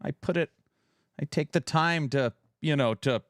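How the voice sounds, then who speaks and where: Here the gaming-podcast streamer's voice sits fairly high and comes at a measured pace, recorded dry on a headset mic. He's at home, trading banter with chat and reading community questions in a relaxed tone that sometimes rises.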